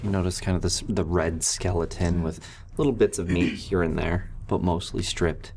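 Very deep, gravelly game master. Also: male voice, moderate pace, background noise. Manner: relaxed, filler-heavy narration. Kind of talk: narrating a tabletop game.

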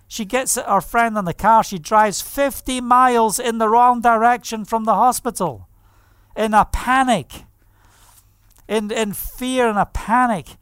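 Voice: mid-range voice, measured pace, fairly bright tone, clean tone, no room sound, studio quality. A preacher giving a fervent testimony sermon, telling stories vividly. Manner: vivid storytelling, acts out quoted voices, fervent.

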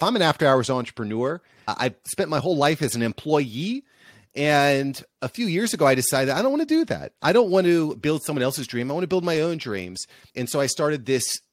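A man from the United States, a podcast agency founder, telling stories in an upbeat, animated way as an interview guest. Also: medium pitch, no room sound, clean studio sound. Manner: upbeat, energetic, animated storyteller. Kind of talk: casual interview storytelling.

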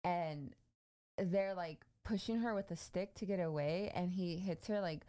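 Lady host rambling through a creepy story, kinda low voice, lots of likes and ums. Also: measured pace, mellow, clear, resonant tone. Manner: chatty, many fillers, laughs easily. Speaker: podcast host. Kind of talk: casual storytelling chat.

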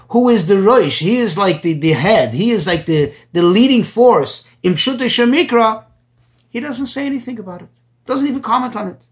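A man teaching a Torah class, reading Hebrew phrases and translating each one into as he goes. His pitch jumps up when he stresses a point. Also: a bit bright. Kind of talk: Torah class explaining commentaries.

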